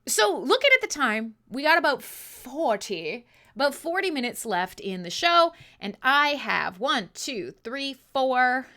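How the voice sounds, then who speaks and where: A woman hosting a live metal radio show, chatting casually with listeners in an animated, profane way, often laughing at herself. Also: sits high, a little slow.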